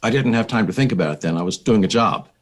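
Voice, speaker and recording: An older man with an American accent, a psychiatrist being interviewed on a podcast, telling his story in a measured, reflective way. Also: lowish voice, expressive. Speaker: psychiatrist and researcher, guest.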